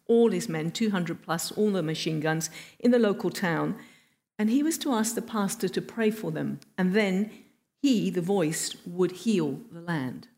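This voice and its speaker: Brief: woman, mid-pitched voice, preacher giving an expressive, story-driven sermon. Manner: expressive storytelling delivery with emphatic pauses.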